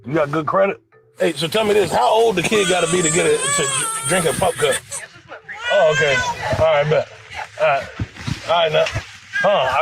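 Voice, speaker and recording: A man's voice: on the high side, normal speed, gravelly, pauses often, noisy background. A man doing a comedy sketch, with teasing, slangy banter.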